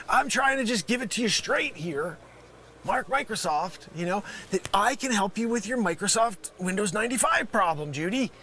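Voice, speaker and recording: A man playing a brash male scam caller posing as a tech company, yelling insults and swinging from loud to mumbled. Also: high-pitched, lively intonation, normal speed, slight background noise. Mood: pompous. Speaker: comedy sketch performer. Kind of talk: improvised comedy sketch.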